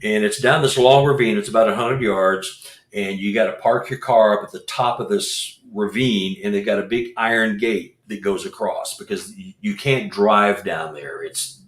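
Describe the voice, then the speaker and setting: A man's voice: fairly low pitch, moderate pace, reverberant. A man who researches Bigfoot and leads expeditions, telling a rambling story with restarts and repeated words. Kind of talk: casual storytelling.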